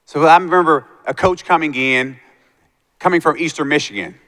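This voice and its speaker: A man's voice: a little high, normal speed, pushed and bright. A man giving a motivational talk to students, telling his life story and acting out the voices of the people in it. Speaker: motivational speaker. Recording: long hall reverb.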